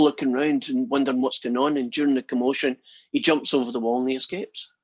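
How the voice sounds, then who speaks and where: Man, math lecturer, chatty storyteller, husky voice, dull dry recording. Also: mid-range voice, fairly even intonation, a little fast, no echo. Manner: chatty storyteller, jokes with class. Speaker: math instructor. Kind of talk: lecture with a told joke.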